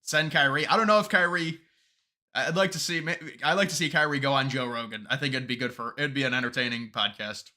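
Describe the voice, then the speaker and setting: A man's voice: mid-range voice, brisk, pushed and bright. A man hosting a live stream, chatting casually with viewers and reading their comments aloud, often restarting his sentences. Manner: rambling, restarts sentences, reads chat aloud.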